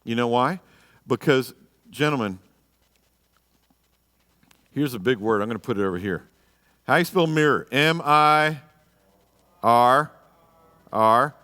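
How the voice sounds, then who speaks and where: A pastor leads a marriage class in a reverberant church hall, medium-pitched with lively intonation at normal speed, leaving long pauses. He's emphatic throughout and keeps posing rhetorical questions.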